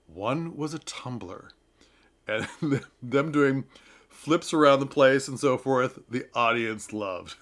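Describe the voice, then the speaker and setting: Man, casual commentary, mid-pitched voice, chatty, laughs a lot, coaxing advice. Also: slow pace, fairly bright tone. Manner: chatty, laughs often, breaks into playful mock voices. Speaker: theater reviewer. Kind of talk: casual talking-head commentary.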